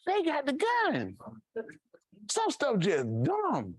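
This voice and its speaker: Animated man telling stories in a sermon. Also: extremely high pitch, a little slow, no echo. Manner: animated, acts out voices in his stories. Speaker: pastor. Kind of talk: casual storytelling sermon.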